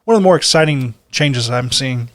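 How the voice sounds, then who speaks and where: A man's voice: medium pitch, brisk, fairly bright tone, no room sound. A man co-hosting a casual podcast chat, easygoing and self-deprecating. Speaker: podcast co-host.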